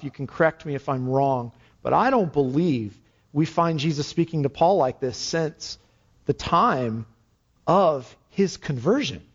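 A man preaches with earnest conviction, building into fervent exhortation. His voice sits on the high side for a man. The recording is dull and lo-fi. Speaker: pastor. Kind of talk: sermon. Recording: dull lo-fi sound.

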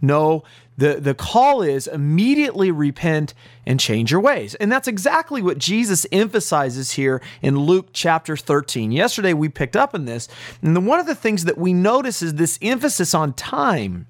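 Urgent, lively-voiced male radio preacher. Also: high voice, moderate pace, no echo. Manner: earnest, urgent preaching with emphatic repetition. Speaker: pastor and radio teacher. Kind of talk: radio Bible teaching.

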